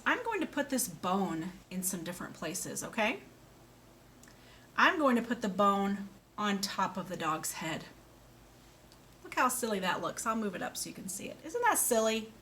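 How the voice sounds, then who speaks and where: A woman speaks slowly and clearly in a bright voice, leading a young child through a lesson. Her pitch swings up and down in a sing-song way as she asks questions and praises answers. A faint room hum sits behind her. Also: very animated. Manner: slow, clear, sing-song and encouraging, with animal sounds. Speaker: speech therapist.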